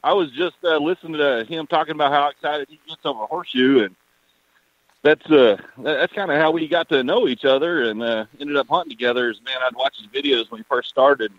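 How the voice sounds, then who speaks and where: A man calling in to a radio show, rambling excitedly with lots of fillers. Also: fairly high pitch, brisk, no room sound. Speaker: caller. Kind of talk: casual call-in chat. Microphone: phone. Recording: muffled phone call.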